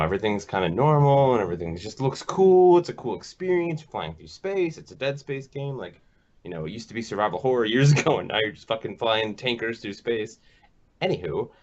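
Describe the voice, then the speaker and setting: A man telling a casual, rambling, profane gaming story as a podcast host, full of fillers and restarts. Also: mid-range voice. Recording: dull lo-fi recording.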